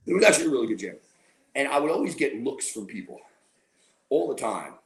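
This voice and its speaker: A man spins a meandering anecdote in casual podcast chat, jumping into the voices of the people in his story. His voice sits at an ordinary middle pitch and carries a noticeable roomy echo. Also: quick pace, creaky. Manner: animated, rambling storyteller who acts out quoted dialogue. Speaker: podcast co-host.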